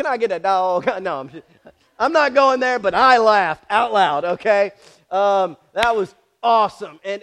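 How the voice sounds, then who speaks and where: A man preaching a sermon dramatically, repeating lines for emphasis and turning to the congregation with asides. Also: sits high. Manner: dramatic, swings from shouts to near whispers.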